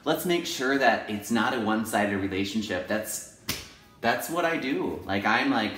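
A man teacher talking in a personal confessional vlog, very expressive, jumping into high voices to act out his own thoughts and going soft and gentle for self-affirmations. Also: a little slow, echoey room. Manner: expressive, jumps into high acted inner voices; ends softly with self-affirmations. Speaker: teacher and video blogger.

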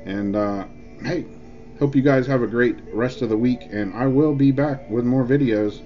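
A man's voice: mid-range voice, moderate pace. Dude rambling and joking on his vlog, lots of uhs, kinda dull lo-fi audio with faint music. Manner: rambling, jokey, filler-heavy. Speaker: e-juice reviewer. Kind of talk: casual vlog review.

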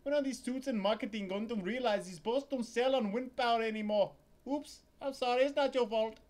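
A man voicing a grumbling, fussy male cruise ship purser with a high, strained voice. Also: fairly quick, darkish tone. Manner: complaining, chatty, fussy.

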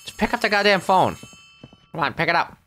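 A man's voice: fairly high pitch, fairly quick. A man doing a grumpy sarcastic squid. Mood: grumbling. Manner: sarcastic, grumbling, deadpan asides. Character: grumpy middle-aged male squid, sarcastic and weary. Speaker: let's play gamer. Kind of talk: character let's play commentary.

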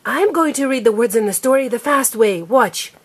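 A fairly high-pitched woman with a lively, swooping voice runs a patient phonics lesson at home. She speaks slowly and clearly, repeating each word and coaxing a child to say it back. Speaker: parent teaching a child to read.

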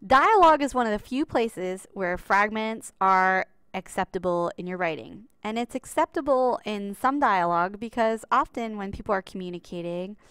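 A woman's voice: mid-range voice, a bit bright, smooth, no echo. A woman teaching a writing lesson, patient and explanatory, stressing the key rules as she walks through examples. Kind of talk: classroom writing lesson over slides.

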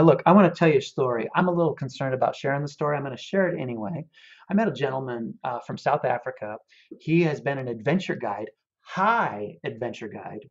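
A man, a guest in a casual interview, telling a story in an animated, earnest way. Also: mid-range voice. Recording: dull lo-fi audio.

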